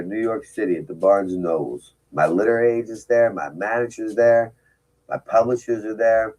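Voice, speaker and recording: A man's voice: lowish voice, normal speed, a little mellow, low-quality recording. Guy telling his story, candid, punchy, keeps asking right?. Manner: candid, emphatic, rhetorical asides. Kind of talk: personal storytelling talk.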